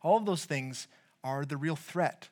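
A man giving a sermon in a conversational, storytelling way, with frequent restarts and a voice that gets louder when he quotes someone. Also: on the high side, measured pace. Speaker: preacher.

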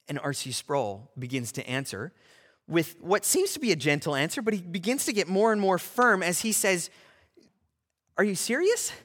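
High, lively-voiced male preacher. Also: moderate pace, long reverb tail. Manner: animated preaching with rhetorical questions. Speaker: pastor. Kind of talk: sermon.

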